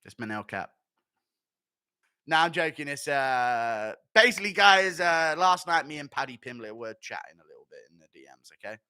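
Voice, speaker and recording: A man's voice: on the high side, animated, normal speed, bright, forceful tone, clear, resonant tone, no echo. A man ranting in casual commentary, profane and mocking, often laughing at his own jokes. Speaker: MMA commentator and streamer.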